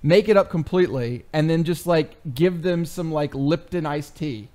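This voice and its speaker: A man's voice: a little high, moderate pace, mellow, natural voice. A man voicing a poor, charismatic witch doctor who is cooking up a scam, in a casual, self-satisfied tone. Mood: scheming.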